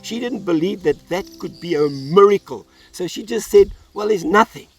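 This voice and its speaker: A man's voice: high voice, lively intonation, moderate pace, vocal fry, a little mellow, far from the mic, soft background music. A man pastor delivering an earnest sermon, telling a Bible story and acting out its voices. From South Africa.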